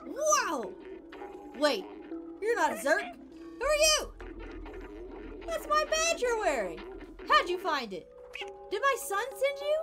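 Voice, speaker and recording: A woman's voice: wildly swooping pitch, takes it slowly, pauses often, loud music behind the voice, heavily acted. Woman reading as a lonely lost robot scientist. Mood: startled. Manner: reads game dialogue aloud, high and bright.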